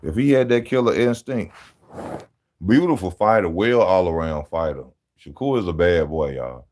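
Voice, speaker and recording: A man talking casually on a live stream, animated and slangy, laughing often as he answers chat about boxing. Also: low-pitched, normal speed. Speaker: boxing channel host reading live chat.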